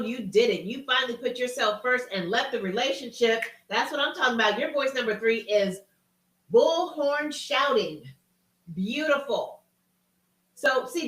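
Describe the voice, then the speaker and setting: A woman's voice: a little high, fairly bright tone, recorded from a distance. Woman host in a roomy space. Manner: reads out chat names, folksy and encouraging. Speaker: live-stream host and coach. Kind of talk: casual live-stream talk. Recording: roomy sound from off-mic.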